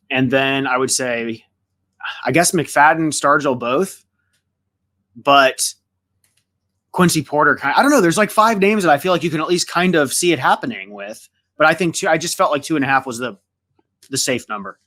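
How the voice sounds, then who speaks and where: Bright-voiced hesitant man co-host. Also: mid-range voice. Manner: hesitant, thinking aloud. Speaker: podcast co-host. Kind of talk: casual sports talk.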